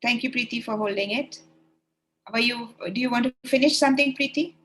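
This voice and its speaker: A woman's voice: on the high side, fairly quick, fairly bright tone, slight background noise. A woman leading an online training webinar for teachers over a video call, encouraging and demonstrating read-alouds.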